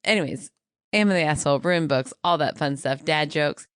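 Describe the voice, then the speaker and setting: A woman's voice: sits low, moderate pace, fairly bright tone, smooth, no echo, clean studio sound. A woman co-hosting a podcast in casual chat, rambling and giggling as she reads out thanks and plugs. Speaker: podcast co-host.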